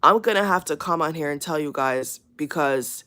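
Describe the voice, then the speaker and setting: Low-voiced woman giving an earnest, rambling warning. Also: moderate pace, bright, forceful tone. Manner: rambling, repeats herself, many fillers; earnest and emphatic. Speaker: channel host. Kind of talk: casual spoken warning to viewers.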